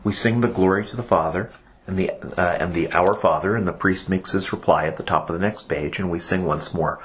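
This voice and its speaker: A man's voice: low-pitched, fairly quick. A man explaining, step by step, how cantors lead a church service, in a patient instructional podcast. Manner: patient explaining, breaks into chanted examples.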